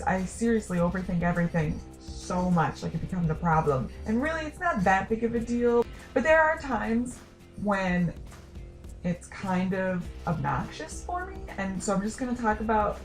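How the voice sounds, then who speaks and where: A woman's voice: medium pitch, big pitch swings. Young woman vlogger, rambling and self-mocking, light music underneath. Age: young adult. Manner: rambling, self-deprecating, quick asides. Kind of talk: casual talking-to-camera chat.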